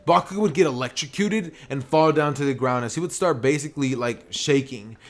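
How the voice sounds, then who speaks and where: A man's voice: mid-range voice, brisk. A young man telling an anime fan story in a casual, rambling way, full of "you know" and "basically". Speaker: YouTuber narrating fan fiction.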